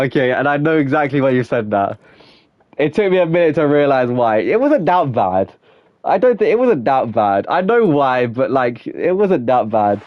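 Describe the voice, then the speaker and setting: A man's voice: medium pitch, big pitch swings, moderate pace, dry recording, muffled recording. Rambling young man chatting on stream. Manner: rambling and chatty, full of "like", laughs often. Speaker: gaming streamer. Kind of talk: casual live-stream chat while playing.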